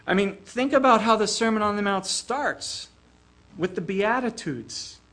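A man's voice: high voice, animated, measured pace, pushed and bright. An older man preaching a sermon in an earnest way, often repeating a small word as he starts a phrase.

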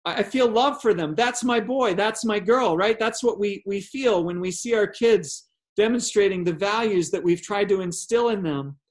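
A male pastor with a notably high voice delivers an earnest sermon. He poses rhetorical questions and often doubles a word as he restarts a sentence. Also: moderate pace, hardly any pauses.

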